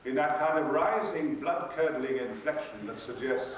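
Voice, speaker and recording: A man's voice: fairly high pitch, animated, drawn-out words, long pauses. A man telling a humorous anecdote as a convention panel guest, in a wry, theatrical storytelling manner. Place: large convention hall. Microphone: far from the mic. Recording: distant, very echoey hall with noise.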